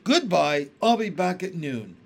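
Man voicing a responsible teenage brother, reassuring, expressive. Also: high-pitched, a little slow, gravelly, voice pushed up, heavily acted. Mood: determined.

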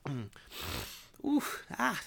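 A man rambling in a casual vlog monologue, swearing and cutting himself off, in an unusually high, strained voice. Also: wildly swooping pitch, extremely slow, vocal fry, fairly bright tone. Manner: rambling, swearing, self-interrupting. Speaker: vlogger.

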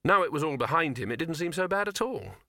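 Guy reading an audiobook, bright clear voice, dry close sound. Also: a little high, very animated, quick pace, no echo. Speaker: audiobook reader. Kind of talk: scripted narration.

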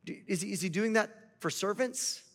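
A man's voice: sits high, brisk. A male pastor preaching a sermon in a conversational way, asking the congregation rhetorical questions.

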